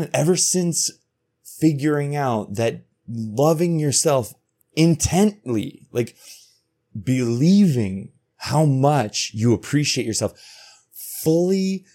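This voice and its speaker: A man in his thirties from North America hosting a solo podcast, talking casually, profanely and excitedly, jumping from loud bursts to quiet asides. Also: medium pitch. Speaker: podcast host.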